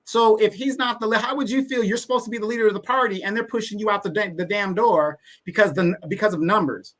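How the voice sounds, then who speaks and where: A man's voice: high-pitched, fast, few pauses, fairly bright tone. A man as guest co-host in a casual political chat, speaking in an emphatic, opinionated way.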